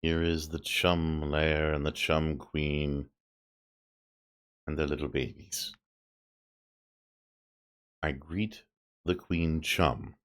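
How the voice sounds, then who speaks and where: A man's voice: very deep voice, level tone, very slow, pauses often, fairly bright tone, clear, resonant tone. A male streamer giving chatty, amused game commentary, thinking aloud as he plays.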